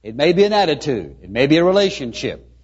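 A male pastor preaching a sermon with earnest, drawn-out emphasis on key words, on a muffled lo-fi recording. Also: a little high, big pitch swings, slightly rough.

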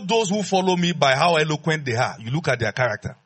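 A man's voice: a little high, expressive, quick pace, few pauses, fairly bright tone, breathy edge. A man preaching a sermon as pastor, emphatic, repeating his phrases and leading call-and-response with the congregation.

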